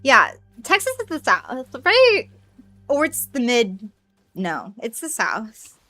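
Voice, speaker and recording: High-voiced excitable woman streamer. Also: slow pace, faint music behind. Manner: chatty and excitable, swears freely, squeals greetings to viewers. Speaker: game streamer. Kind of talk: casual live-stream chat with viewers.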